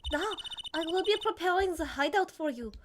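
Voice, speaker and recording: A woman's voice: extremely high pitch, expressive, a little fast, noisy background, pitched above the performer's own voice. A woman voicing a shady male magician in an overdone fake Russian accent, with game music behind. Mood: theatrical. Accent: put-on Russian. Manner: exaggerated, rolls words. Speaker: co-player.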